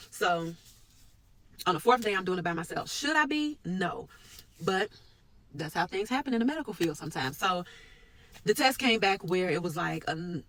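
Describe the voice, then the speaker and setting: A woman talking earnestly about her work and her faith in a personal vlog, with sudden lifts in pitch and force. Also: a bit bright, rough recording. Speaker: medical worker sharing a personal reflection.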